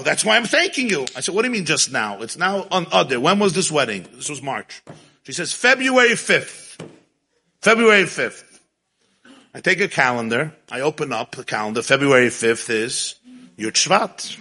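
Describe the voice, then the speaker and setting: A man with a husky, sharp-edged voice tells a story. His pitch sits a little high, and he talks in an animated way, chuckling as he goes and mixing in Yiddish and Hebrew words. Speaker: religious storyteller. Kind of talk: storytelling talk.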